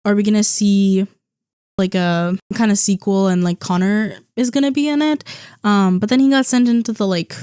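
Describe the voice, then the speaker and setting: A woman's voice: mid-range voice, moderate pace, warm tone, smooth, dry recording, clean studio sound. A young woman vlogging a casual, rambling movie review, tired and chatty, full of "like" and "um".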